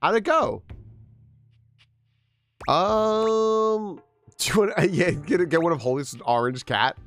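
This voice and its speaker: A man's voice: fairly high pitch, takes it slowly, pauses often, a bit bright. Young guy streaming, chatty and laughing a lot, music faint underneath. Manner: chatty, laughing, greeting chat. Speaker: game streamer. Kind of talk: casual live-stream chat.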